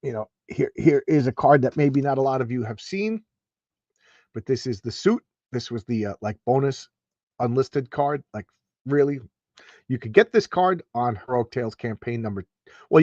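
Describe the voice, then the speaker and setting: A man's voice: mid-range voice, expressive, normal speed, darkish tone, no echo, dull audio. A man hosting a casual comic book review, talking in a rambling, enthusiastic way with many restarts and asides. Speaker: comic book show host.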